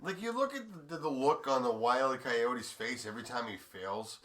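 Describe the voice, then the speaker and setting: A man's voice: medium pitch, expressive, moderate pace, slight background noise. A man chatting casually with a bandmate between songs, blunt and profane, often restarting his sentences. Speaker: musician and co-host. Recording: loud guitar playing behind.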